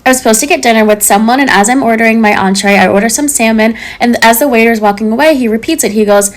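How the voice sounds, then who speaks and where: Woman with a really high voice, chatty storytelling, keeps it light. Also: fast, hardly any pauses. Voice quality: high-pitched voice. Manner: chatty, laughs between sentences. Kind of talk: casual storytelling.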